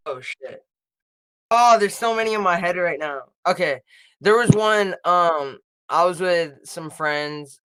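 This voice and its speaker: A man on a casual podcast with a bright, smooth voice pitched a little high. He stops often to search for words and fills the gaps with "um". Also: poor audio. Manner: hesitant, full of ums, searching for words. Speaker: podcast co-host. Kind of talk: casual chat.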